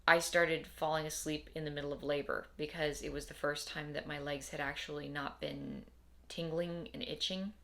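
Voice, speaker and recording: A woman's voice: low-pitched, gravelly, fairly bright tone. A young adult woman talking casually to camera in a rambling, wry, tired way, often repeating herself. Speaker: vlogger. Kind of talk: casual personal vlog.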